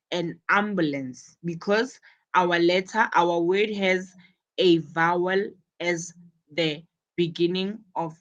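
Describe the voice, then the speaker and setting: A woman gives a live English lesson at an unhurried pace. She repeats herself, spells words letter by letter, and throws herself into lively acted examples. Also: mid-range voice, rough recording. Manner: acts out examples with bursts of energy. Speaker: English teacher.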